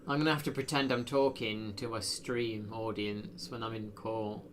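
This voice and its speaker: A man's voice: lowish voice, fairly even intonation, moderate pace, fairly bright tone, slight background noise. A man chatting casually while live streaming a video game, rambling with lots of fillers. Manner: rambling, self-deprecating, frequent fillers.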